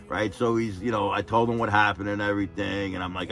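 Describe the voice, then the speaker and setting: A man's voice: fairly low pitch, brisk, few pauses, soft background music. A man telling rambling, profane stories about his old job. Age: 50s. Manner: rambling, profane, repeats "and everything". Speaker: retired electrician telling stories. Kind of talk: casual storytelling.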